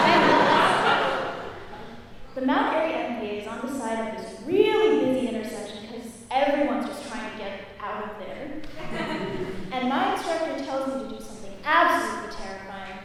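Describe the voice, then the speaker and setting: A young woman from Maryland performing a stand-up comedy set, telling her story with animated delivery and loud acted-out quotes. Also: fairly high pitch, normal speed, long pauses, distant mic. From Maryland, USA. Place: comedy stage in a hall. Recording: echoey hall, mic heard from afar, faint room noise.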